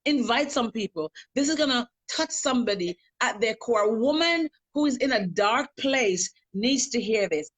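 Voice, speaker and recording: A woman's voice: on the high side, expressive, moderate pace, hardly any pauses, a bit bright. Earnest woman coach hosting a live stream. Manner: earnest, repetitive, emphatic. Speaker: host and life coach.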